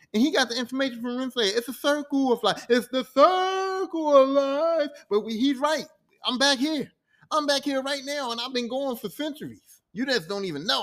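A man's voice: very high voice, a bit bright. Man doing a fed-up cursing trickster god. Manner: swearing, hyped street slang. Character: frustrated male trickster god, slangy, cursing.

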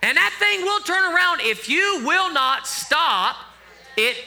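A middle-aged male pastor delivers his sermon with a high, very bright voice. His pitch moves around freely, and he keeps it conversational with joking asides to the congregation. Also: sing-song, takes it slowly, creaky.

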